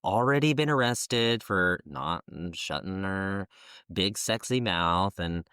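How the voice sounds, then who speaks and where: A man's voice: low voice, lively intonation, slow, sharp tone, clean tone, no room sound, clean studio sound. A man co-hosting a casual history podcast, talking in a playful, slangy, jokey way. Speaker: podcast co-host.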